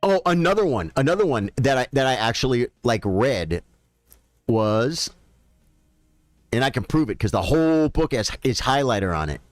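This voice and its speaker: A man streaming chess, chatting casually with viewers and thinking out loud about his games. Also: medium pitch, big pitch swings, normal speed, no echo, clean studio sound. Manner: chatty, thinks aloud, addresses viewers directly. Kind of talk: casual live-stream commentary.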